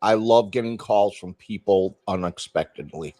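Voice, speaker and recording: A man's voice: fairly low pitch, normal speed, dark tone. A man in a casual group chat, speaking briefly and plainly. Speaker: guest.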